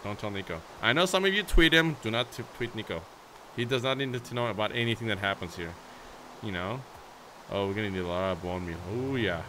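A young man, a gaming YouTuber, narrates a Minecraft let's play, chatting playfully with his viewers and bursting into shrieks, squeals, and baby talk at his horse. His voice is on the low side, brisk, bright, and forceful, with lively intonation. Slight background noise is audible.

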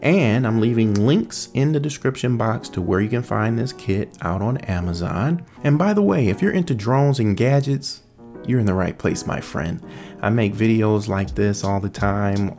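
Man, gadget reviewer, casual chat, low gravelly voice, lively pitch, condenser mic. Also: moderate pace, soft background music. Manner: upbeat, chatty, addresses viewers directly. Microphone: USB condenser mic on boom arm.

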